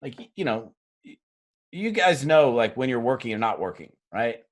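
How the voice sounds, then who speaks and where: A man's voice: medium pitch, moderate pace. A middle-aged man giving a motivational training talk to a sales team, telling stories and acting out the dialogue with joking, self-mocking asides. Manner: animated storyteller acting out dialogue, jokey asides. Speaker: network marketing trainer.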